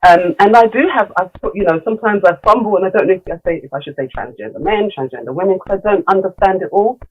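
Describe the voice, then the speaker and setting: A woman's voice: mid-range voice, fast talker, husky, muffled recording. A middle-aged woman, a guest in a casual podcast conversation, talking candidly with many fillers and restarts. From London. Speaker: guest, leadership coach.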